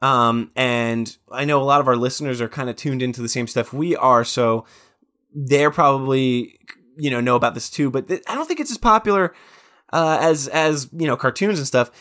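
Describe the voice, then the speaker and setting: A man's voice: medium pitch, moderate pace, fairly bright tone. A man in his thirties co-hosting a podcast, telling stories in a rambling way with quoted asides. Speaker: podcast co-host. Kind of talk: casual chat.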